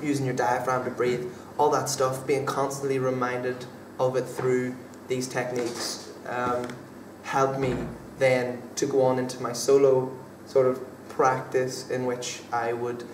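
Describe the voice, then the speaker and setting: Hesitant young man, flat voice, far off. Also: medium pitch, a little slow, hardly any pauses. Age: young adult. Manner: hesitant, many fillers and restarts. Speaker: drama student actor being interviewed. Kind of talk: casual interview answers. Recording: echoey room from far off, faint background noise.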